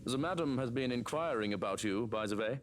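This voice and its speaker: A man voicing a calm, protective male servant who speaks in a measured, businesslike way. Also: mid-range voice, slight background noise, voice pushed down, lightly acted.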